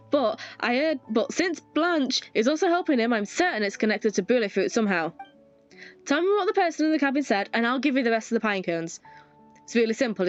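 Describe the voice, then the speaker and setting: A woman's voice: fairly high pitch, close to an everyday voice. A woman voicing a smug, condescending cult operative in a game who makes threats. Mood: scheming. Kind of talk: fan voice-over of a game scene. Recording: dull lo-fi with faint music.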